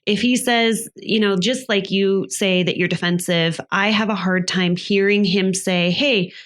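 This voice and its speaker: A woman's voice: mid-range voice, fairly even intonation, a little slow, fairly bright tone. A woman co-hosting a podcast, chatting casually and telling stories about herself with a light laugh. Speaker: podcast co-host. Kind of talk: casual chat.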